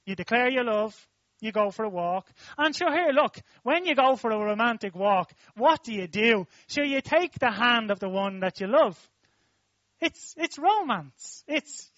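A man's voice: extremely high pitch, a bit bright, no echo, dull audio. An Irish man preaching a sermon in a conversational, storytelling way, rising to emphatic outbursts.

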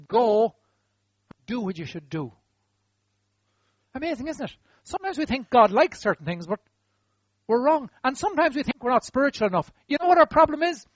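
Guy preaching, chatty and jokey, high animated voice, dry dull sound. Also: normal speed, long pauses, no room sound. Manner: conversational, humorous, acts out quotes. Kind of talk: sermon.

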